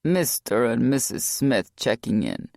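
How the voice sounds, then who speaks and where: A woman voicing an undercover male special-ops hero with Cajun flair, talking in a low, swaggering mobster manner. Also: huge pitch swings, unhurried, vocal fry, darkish tone, no echo, clean studio sound, exaggerated voice.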